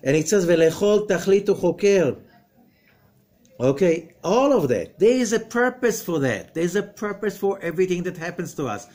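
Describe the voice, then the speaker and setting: A middle-aged male rabbi teaching a lesson in a fairly high voice. He moves between loud, emphatic bursts and low, quiet passages, and he keeps asking rhetorical questions. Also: sing-song, brisk, hardly any pauses. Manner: rhetorical questions and acted-out quotes. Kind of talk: spoken Torah lesson.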